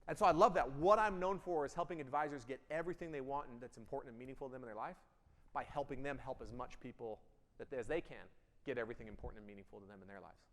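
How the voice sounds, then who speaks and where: A man giving an energetic keynote speech, emphatic, jumping between loud bursts and quiet intensity. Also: mid-range voice, quick pace. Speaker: keynote speaker. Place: event hall. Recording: long hall reverb.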